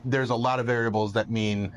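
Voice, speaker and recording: A man's voice: medium pitch, fairly even intonation, brisk, slight background noise. A man, a radio host and comedian, chatting casually on a podcast and restarting his sentences often. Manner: rambling, repeats words when starting sentences.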